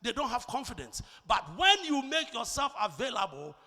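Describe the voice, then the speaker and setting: Animated Ghanaian preacher in a reverberant hall. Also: male voice, extremely high pitch, moderate pace. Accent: Ghanaian English. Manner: emphatic, rising to shouts on key points; repeats words when starting a thought. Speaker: pastor. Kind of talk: sermon. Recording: long reverb of a large church hall.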